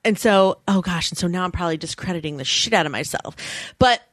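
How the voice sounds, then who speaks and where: A woman's voice: lowish voice, fast, a bit bright, no room sound. Chatty woman podcast host, candid. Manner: candid, chatty, self-deprecating, acts out quoted lines. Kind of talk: casual chat.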